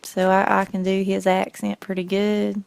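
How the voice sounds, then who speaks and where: A gaming channel host from Georgia talks in a Southern accent with a mid-range, monotone voice and vocal fry, at a moderate pace, with a little hiss or hum in the background. She chats casually through gameplay commentary, rambling and correcting herself.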